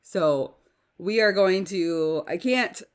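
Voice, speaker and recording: A woman's voice: fairly low pitch, slow pace, clean tone. A woman hosting a casual solo podcast while sick with a cough and sore throat, chatty and stumbling over her words. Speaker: podcast host.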